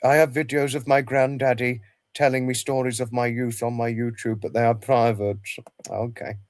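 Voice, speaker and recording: A man hosting a casual livestream, reminiscing in a halting way, often repeating himself and restarting his sentences. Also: medium pitch, little pitch movement. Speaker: livestream host.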